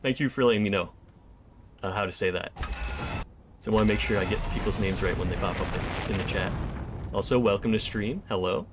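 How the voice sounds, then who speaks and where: A man's voice: on the low side, a little fast, pauses often, heavy background noise. A man streaming a first playthrough of a video game, thinking aloud and chatting with viewers. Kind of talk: casual gameplay commentary.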